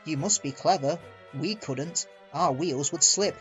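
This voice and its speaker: A man voicing Skarloey, a kindly old male engine who speaks gently and protectively. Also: a little high, a little slow. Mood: gentle. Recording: muffled recording with soft music.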